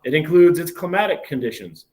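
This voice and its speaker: A man's voice: a little high, lively intonation, a little fast, darkish tone. A man, a biology professor giving a recorded university lecture in a conversational way, often asking "right?" and correcting himself mid-sentence. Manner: conversational, many fillers and self-corrections, asks "right?" often.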